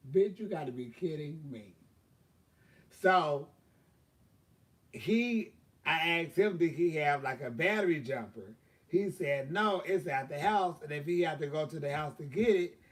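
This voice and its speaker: A man's voice: fairly high pitch, a bit bright, far from the mic. A man telling a long story on his own live stream, casual and profane, with lots of fillers. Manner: profane, drawling, chatty with many fillers. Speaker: livestream host.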